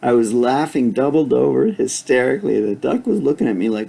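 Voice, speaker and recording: Gravelly, husky older man telling a story. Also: medium pitch, lively intonation, brisk, hardly any pauses, dark tone. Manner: rambling, chuckling, with sound effects. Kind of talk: casual spoken anecdote.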